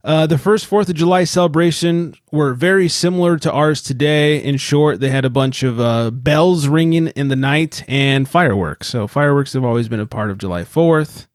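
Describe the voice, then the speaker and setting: A man's voice: fairly high pitch, normal speed, few pauses, no room sound, studio quality. A man co-hosting a podcast in casual chat, joking and rambling and swearing now and then. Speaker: podcast co-host.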